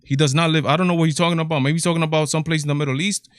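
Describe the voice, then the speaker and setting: A man's voice: a little high, steady tone, rapid-fire, dry recording, studio quality. A man hosting a reaction commentary video, talking in incredulous bursts with repeated exclamations. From Latin America.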